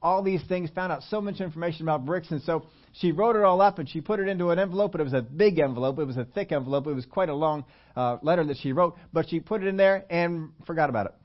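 In this dull lo-fi clip, a fast-talking man with a somewhat high voice preaches a story-driven sermon in a conversational way. He frequently questions the audience and starts his sentences over.

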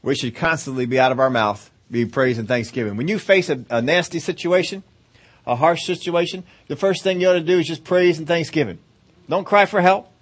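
A man's voice: a little high, fairly quick. A middle-aged man preaching a conversational sermon, chuckling often and acting out whiny, pleading prayers.

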